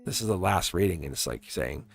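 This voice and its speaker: A man's voice: low-pitched, animated, fairly quick, vocal fry, dry recording. A man hosting a live tarot stream in a casual, rambling way, chuckling often and joking with his viewers.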